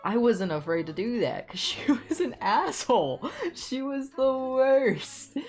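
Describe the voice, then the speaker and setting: Young guy streamer, swears a ton, animated storytelling, faint music in the back. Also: extremely high pitch, measured pace. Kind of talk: casual rant while streaming a game.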